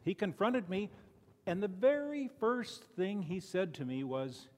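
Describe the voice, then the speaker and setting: A man's voice: high-pitched, sing-song, measured pace, a little mellow, in a large hall. An older man from Chicago giving a folksy, conversational sermon full of personal stories, often restarting his sentences. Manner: folksy, conversational, frequent restarts and "you know". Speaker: lay preacher. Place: church sanctuary.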